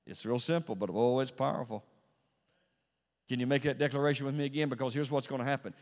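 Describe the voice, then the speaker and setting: A male pastor preaches a Pentecostal sermon in a medium-pitched voice with fairly even intonation, ringing with a large hall's long reverb. He swings widely from hushed, drawn-out words to loud, emphatic peaks, hammering phrases through repetition.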